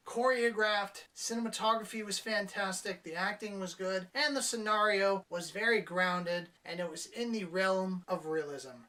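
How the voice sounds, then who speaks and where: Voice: mid-range voice, sharp tone, recorded from a distance. Blunt, exasperated movie reviewer. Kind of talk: casual spoken film review.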